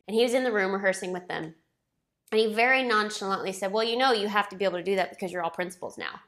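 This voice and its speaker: A woman's voice: on the low side, fairly bright tone. A woman in her thirties, a former ballet soloist, telling a story casually, chatty and self-deprecating, acting out what others said.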